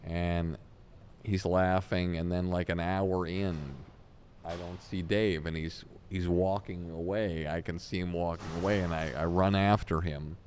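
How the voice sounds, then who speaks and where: A man's voice: low voice, a little slow, a little hiss or hum. A man, a comedy talent manager, telling long anecdotes in an interview and acting out what people said. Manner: animated anecdotes, acts out quotes. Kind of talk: storytelling in an interview.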